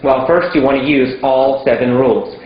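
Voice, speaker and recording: A man teaching English in a slow, emphatic way, repeating simple words for learners. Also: mid-range voice, steady tone. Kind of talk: slow teaching monologue to camera. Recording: very echoey room, dull lo-fi sound.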